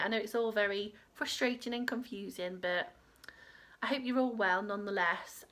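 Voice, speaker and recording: A woman's voice: fairly high pitch, fairly bright tone. A woman hosting a crochet podcast from home, rambling in casual chat with lots of fillers. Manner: rambling, chatty, with many fillers.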